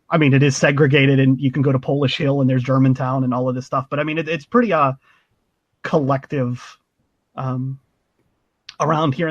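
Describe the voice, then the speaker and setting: A man's voice: medium pitch, no room sound, dull audio. A man from Pittsburgh, a podcast guest in casual chat, chatty, laughing often and restarting his sentences.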